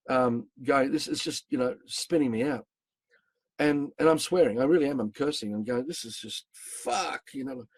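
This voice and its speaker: A man telling a rambling, emphatic personal story of spiritual experiences, swearing when excited. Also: medium pitch, husky, no room sound. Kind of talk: personal testimony, casual.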